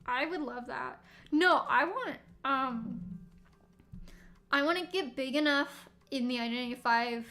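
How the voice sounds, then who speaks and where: A woman's voice: high-pitched, unhurried, pushed and bright, soft background music. A woman streaming a game, chatting casually with lots of laughs and self-mocking asides. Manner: giggly, rambling, self-mocking.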